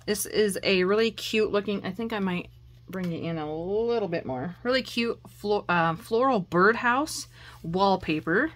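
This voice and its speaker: A middle-aged woman hosting a crafting channel, showing off her haul in a chatty, excitable way with frequent laughs. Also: mid-range voice, a little slow. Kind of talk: casual show-and-tell haul vlog.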